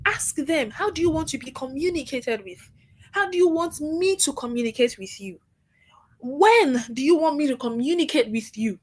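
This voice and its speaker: A woman giving a workshop lecture to trainees in a lively, scolding way. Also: sits high. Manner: lively, scolding, acts out caller voices.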